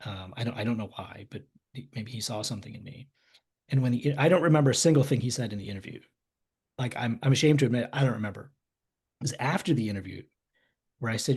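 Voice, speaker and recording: A man speaks as a guest on an online webinar, recounting a personal story. His voice has a husky edge and a mid pitch. He tells it in an animated way and often restarts his phrases. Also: fast talker.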